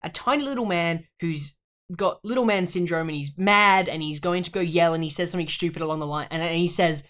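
Animated man reviewing films. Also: fairly high pitch, a little fast. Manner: animated, emphatic, swears in mock outrage. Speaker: podcast co-host. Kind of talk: casual film review chat.

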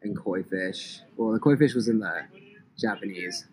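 A man's voice: lowish voice, moderate pace, slight background noise, poor audio. A man hosting a podcast in casual, joking chat, outdoors in a park. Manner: laid-back, joking. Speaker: podcast host. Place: outdoors in a park, on a grassy slope.

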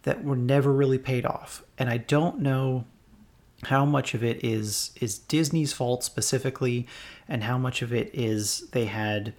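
A man co-hosting a relaxed podcast chat in an ordinary mid-range voice. He works through his thoughts in a hesitant, halting way. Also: medium pitch. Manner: hesitant, many fillers and restarts while thinking aloud. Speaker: podcast co-host. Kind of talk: casual podcast discussion.

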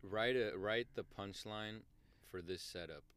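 A man's voice: on the low side, measured pace, fairly bright tone, clear, resonant tone, no room sound. A man co-hosting a podcast in casual, slangy chat, swearing and calling people bro. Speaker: podcast co-host.

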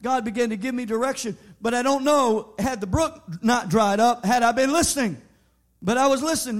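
A pastor delivering a sermon, telling a story and building to loud, emphatic preaching. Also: male voice, extremely high pitch, a little fast.

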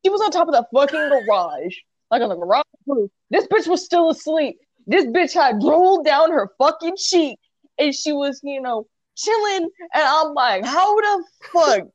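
Young woman, casual chat, excitable and profane; high, bouncy pitch; dull lo-fi dry recording. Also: normal speed, dry recording. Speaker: co-host. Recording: dull, slightly lo-fi dry sound.

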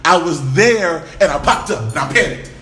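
A man on a podcast, telling a story in an animated, profane way and laughing as he goes. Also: fairly high pitch, normal speed, reverberant. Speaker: podcast guest. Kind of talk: storytelling, casual chat.

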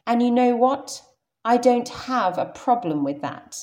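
In a scripted podcast lesson, a young adult woman teaches English carefully, explaining as she goes in a modern received pronunciation British accent. She speaks at a fairly high pitch, animated and unhurried, with a darkish tone.

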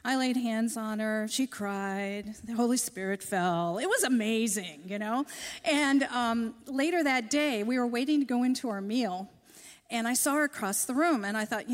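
A woman preaches to a church congregation, telling a personal story with gentle self-deprecating humor. Her voice sits fairly high. The sound carries the long reverb of a large church hall. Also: normal speed. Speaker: church speaker.

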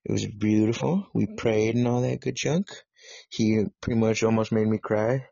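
Gravelly, profane man hosting a podcast. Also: lowish voice, moderate pace, warm tone, no echo, highs cut off. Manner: profane, joking, self-mocking. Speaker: podcast host. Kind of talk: solo live podcast chat. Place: home setup in California.

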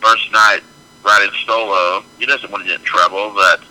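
Low-voiced man chatting. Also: moderate pace, low-quality recording. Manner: relaxed, reasons things out aloud. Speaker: podcast co-host. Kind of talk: casual chat.

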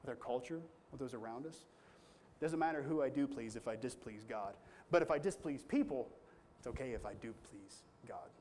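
A man's voice: mid-range voice, moderate pace, a little mellow, slight background noise. A man pastor preaching a sermon in an earnest, conversational storytelling way with strong emphasis.

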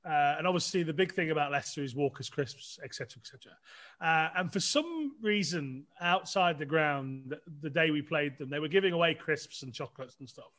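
Chatty high-voiced man. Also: a little fast, fairly bright tone. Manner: chatty, self-deprecating, many restarts. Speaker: guest. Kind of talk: casual storytelling.

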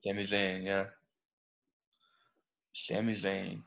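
Man, young adult, easygoing podcast chat, slightly low voice. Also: completely flat delivery, slow, creaky, a bit bright. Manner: easygoing, steers the talk. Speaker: podcast co-host. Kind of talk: casual chat about pro wrestling.

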